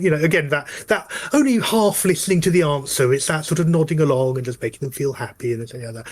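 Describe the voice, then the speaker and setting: Male GM, husky, slightly high, hesitant delivery. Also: fast talker, few pauses. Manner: hesitant, filler-heavy narration. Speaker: game master. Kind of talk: narrating a tabletop game.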